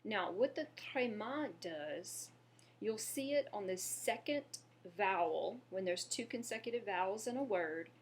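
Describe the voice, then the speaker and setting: A woman giving an online French lesson, patiently modeling words and pausing for the listener to repeat them. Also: medium pitch, a little hiss or hum. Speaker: French teacher.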